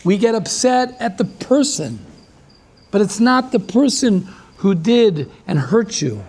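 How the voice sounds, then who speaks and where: A man who is a rabbi giving a lively class, repeating himself and restarting often as he talks with the audience. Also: sits high, slow pace.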